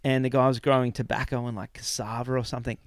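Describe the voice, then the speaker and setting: A middle-aged Australian man hosting a casual podcast chat, telling a travel story with lively acted-out quotes. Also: mid-range voice, fast talker, no echo. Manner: animated storyteller, acts out quotes.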